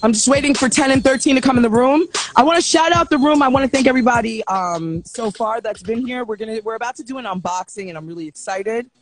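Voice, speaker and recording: A woman hosting a live show, telling stories with animated energy and acting out back-and-forth exchanges. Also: fairly high pitch, fast, few pauses, soft background music. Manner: animated storyteller who acts out exchanges. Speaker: host of a live online show. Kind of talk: casual live-stream chat. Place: at home.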